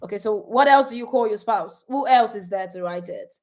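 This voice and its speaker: A middle-aged woman, coaching married couples on a live stream, animated, laughing often and reading viewer comments aloud. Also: mid-range voice, a little fast.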